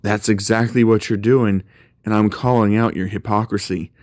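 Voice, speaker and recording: Rich: A blunt, commanding king of the gods, stern and scolding, who does not soften his words , voiced by a man. The voice sits low and sounds close and dry. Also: steady tone, moderate pace, no room sound, natural voice.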